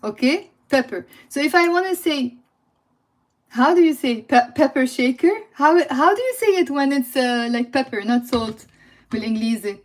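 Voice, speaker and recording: A woman with a Lebanese accent runs a live language lesson, repeating words and calling out to viewers by name. She laughs easily and keeps the tone playful. Her voice sits a little high. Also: lively intonation, fairly quick. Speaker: Lebanese Arabic teacher. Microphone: phone or computer mic on a livestream.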